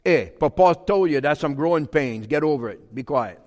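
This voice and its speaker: A man voicing his gruff old grandfather, blunt and scolding, in a hall with long reverb. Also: a little high, animated, normal speed, a little mellow, lightly acted.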